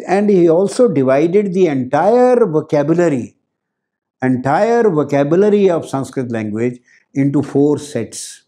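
Giving a grammar lecture, an older Indian-accented professor speaks in a slightly high, mellow voice. He stresses important words by repeating them and adds occasional Hindi remarks.

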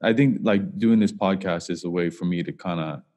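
Man, podcast host, deep voice, hesitant, encouraging, long reverb. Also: moderate pace. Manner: relaxed, encouraging, hesitant with fillers. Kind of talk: casual interview chat.

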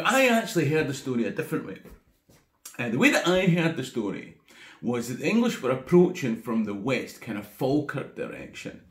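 A man's voice: mid-range voice, reverberant. A man with a Scottish accent telling a comic history tale in a chatty way full of wry asides. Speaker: history tour guide storyteller. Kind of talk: casual comic storytelling.

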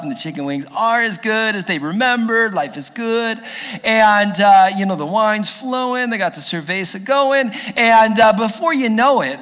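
Animated, high-voiced male pastor preaching. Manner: storytelling, humorous, animated. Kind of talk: sermon. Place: church. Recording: echoey church hall.

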